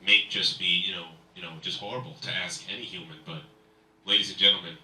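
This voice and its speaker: A man hosting a live comedy show, working the crowd with loud, energetic emcee banter and stand-up. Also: low-pitched, quick pace, soft background music. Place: live comedy venue, indoors. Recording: echoey room, mic from far off.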